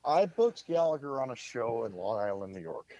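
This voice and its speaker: A man, a publicist, telling show-business stories in a lively, casual way on a podcast and acting out what people said. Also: mid-range voice, moderate pace, no room sound, highs cut off. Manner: lively anecdote-teller, acts out quotes.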